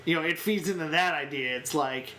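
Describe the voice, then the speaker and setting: A man co-hosting a casual film-discussion podcast, relaxed, laughing easily and searching for words. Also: on the high side, a little fast, a little hiss or hum, poor audio. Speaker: podcast co-host.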